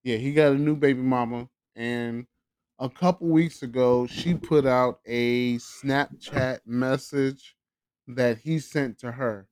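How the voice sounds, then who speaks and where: Male podcast co-host, teasing banter, unhurried delivery, middle pitch. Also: steady tone, darkish tone, smooth. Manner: teasing, laughs through his setups.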